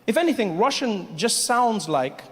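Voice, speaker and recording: A man works the room through a handheld stage mic in a big theater, his voice sitting high for a man. The long hall reverb trails every line, over a faint layer of room noise. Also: unhurried. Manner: animated, slips into mock voices and shouted impressions. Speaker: stand-up comedian. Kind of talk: stand-up comedy set. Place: large theater before a live audience.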